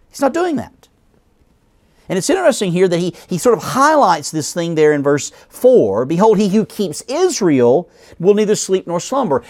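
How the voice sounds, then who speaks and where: A man delivering a sermon in an animated voice that climbs and falls through each sentence. He reads scripture aloud, then slows down and lets his voice drop at the close of key phrases. Now and then he stops to correct himself before carrying on. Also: high-pitched. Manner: self-corrects mid-sentence. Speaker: preacher.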